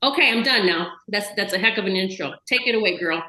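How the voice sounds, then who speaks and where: A chatty, enthusiastic woman hosts a relaxed video call interview and talks in long, run-on bursts. Her voice sits at a middle pitch. Her voice rings around a roomy, echoey room. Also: fast. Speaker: host. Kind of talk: casual video chat interview.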